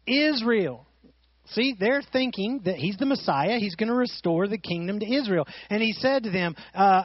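A man preaching with a high voice, animated and full of rhetorical questions to his listeners. The sound is dry and a bit dull, as if it came off a modest recording. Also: normal speed, no room sound. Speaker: pastor. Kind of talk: sermon.

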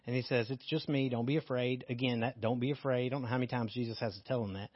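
A man's voice: mid-range voice, fairly even intonation, fast, husky, dry recording, dull audio. A man teaching a Bible passage in a casual, candid way, joking as he reads and explains scripture. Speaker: preacher.

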